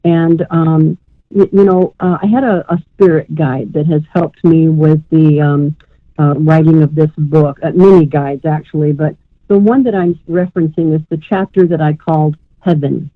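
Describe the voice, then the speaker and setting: Her voice sits low, with fairly even intonation and a moderate pace, as she delivers a live psychic reading on call-in radio. Rambling and warm, she leans on endearments like "sweetheart." The sound is a tinny phone line, free of echo.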